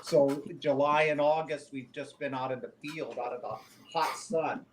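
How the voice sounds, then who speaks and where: A man in casual chat about his fan film projects, talking in a rambling, animated way. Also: medium pitch, normal speed, slight background noise. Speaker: fan filmmaker guest.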